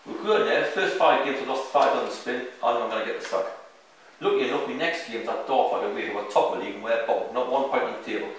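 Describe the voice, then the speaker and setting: A man's voice: mid-range voice, quick pace, slight background noise. A man with a very strong accent, a football manager telling rambling, self-mocking anecdotes in casual chat, recorded from a distance in an echoey room.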